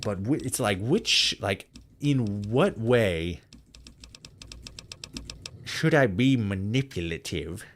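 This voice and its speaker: A man's voice: fairly low pitch, lively intonation, slow, long pauses, a bit bright, a little hiss or hum. A young man casually commenting while playing a game, swearing freely, laughing often and thinking aloud.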